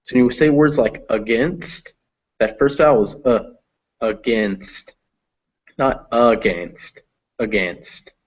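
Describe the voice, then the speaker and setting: A man teaching English pronunciation in an online reading class, explaining patiently and modeling words slowly. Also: medium pitch, a little mellow, lo-fi sound.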